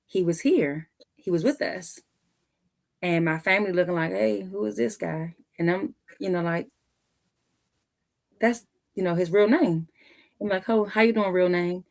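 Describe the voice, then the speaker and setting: Animated woman telling a family story. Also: lowish voice, a little slow, pauses often. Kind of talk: casual storytelling.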